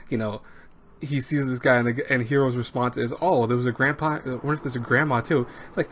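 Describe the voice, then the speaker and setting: A young man casually reviewing an anime episode, rambling and animated, with many restarts and fillers. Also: medium pitch.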